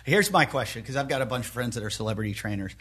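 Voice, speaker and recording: A man's voice: mid-range voice, expressive, rapid-fire, a bit bright, breathy edge. A man hosting a podcast who talks bluntly, airs strong opinions and swears freely. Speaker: podcast host. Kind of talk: casual podcast chat.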